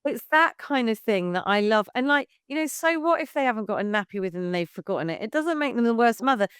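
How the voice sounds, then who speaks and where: A woman's voice: fairly high pitch, animated, fast talker, few pauses, fairly bright tone, clean tone, no echo, clean studio sound. A woman in her fifties, a baby music class leader, chatting frankly as a podcast guest and swearing casually. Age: 50s.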